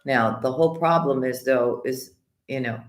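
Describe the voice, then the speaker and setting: A woman hosting a live tarot stream, greeting viewers by name and calling them sweetheart and honey, her voice slightly hoarse with the odd cough. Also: very deep voice, normal speed. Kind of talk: casual live-stream chat and tarot reading. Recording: echoey room.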